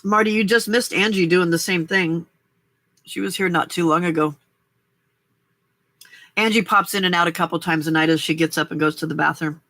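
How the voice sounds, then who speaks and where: A woman's voice: on the low side, steady tone, normal speed, pauses often, fairly bright tone, no echo. An older woman hosting a casual late-night crafting livestream, chatting and laughing often as she answers viewers' comments. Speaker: livestream host.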